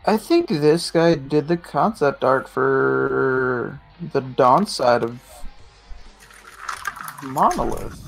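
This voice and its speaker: A man's voice: medium pitch, expressive, drawn-out words, creaky, pauses often, faint music behind. A man chatting casually on a livestream, hesitant and often trailing off.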